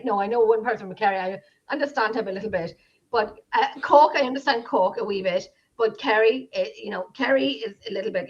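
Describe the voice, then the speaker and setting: An Irish woman from Drogheda chatting excitably with lots of laughter. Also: medium pitch, brisk. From Ireland. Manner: excitable, laughing, breaks into other accents. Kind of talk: casual chat. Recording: dull lo-fi sound.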